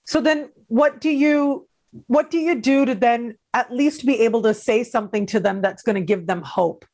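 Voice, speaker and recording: Chatty woman interviewer, a bit high. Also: moderate pace, a little mellow. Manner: chatty, enthusiastic, many "like"s. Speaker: host. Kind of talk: casual interview.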